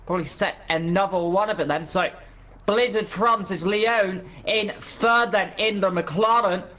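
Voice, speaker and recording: A man's voice: sits high, measured pace, pushed and bright. A man giving live commentary on an esports racing event, walking through the track with playful energy.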